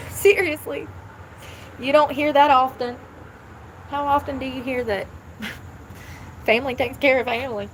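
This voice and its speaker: A woman's voice: sits high, steady tone, unhurried, pauses often, slight background noise, rough recording. A woman chatting casually on a live stream outdoors, blunt and thinking aloud as she talks. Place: outdoors near traffic.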